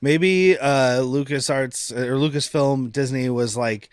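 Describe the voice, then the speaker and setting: A man co-hosting a podcast, retelling scenes in a lively way with quick quoted voices and frequent laughs. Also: medium pitch, clean tone, no echo, clean studio sound. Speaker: podcast co-host. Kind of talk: casual chat.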